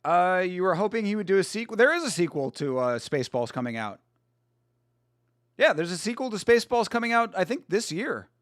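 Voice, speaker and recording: Young man, live streamer, casual fight chat, swears a lot, slightly high voice, dry close mic. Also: big pitch swings, fairly quick, no room sound. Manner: swears and reacts loudly to fights, greets chat by name. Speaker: streamer hosting a live fight watch-along.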